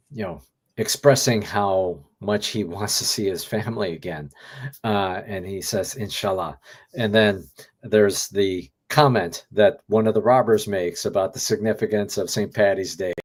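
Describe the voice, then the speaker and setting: A man with a fairly low voice weighs his thoughts on a series in careful, hesitant phrases. He pauses on fillers as he builds each point. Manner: measured, hesitant, full of fillers. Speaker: podcast co-host. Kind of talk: thoughtful review chat.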